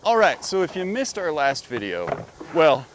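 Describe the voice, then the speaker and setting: A man's voice: on the high side, very animated, moderate pace, background noise. Casual man chatting on his farm. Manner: chatty, talks fondly to the animals. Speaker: farm vlog host. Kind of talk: casual chat while doing farm chores. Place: outdoors on a farm.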